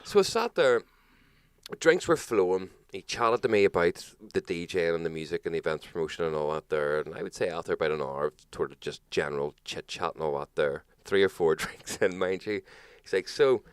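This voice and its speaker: A man with a Northern Irish accent hosting a talk show, telling a story in an animated, sweary, casual way. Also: sits low, a little fast, smooth, no echo, studio quality. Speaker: podcast host.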